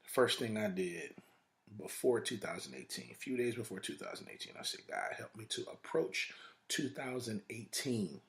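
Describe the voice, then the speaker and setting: A man's voice: medium pitch, expressive, moderate pace, gravelly, a bit bright. A man hosting a podcast, giving a motivational talk in a preacher-like way, with long repeated lists and rhetorical questions. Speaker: podcast host.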